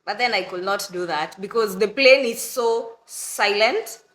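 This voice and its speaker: A young woman from Kenya telling a story to her viewers in a lively, dramatic way, often breaking into laughter. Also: mid-range voice, a little slow, reverberant. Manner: animated, dramatic retelling with laughter and mock crying. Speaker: vlogger. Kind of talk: casual storytelling to camera.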